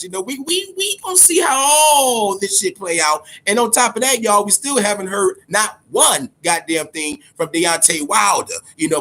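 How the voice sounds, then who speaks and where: A man hosting casual, profane boxing commentary, animated and repeating himself as he talks to his audience. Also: on the high side, slight background noise.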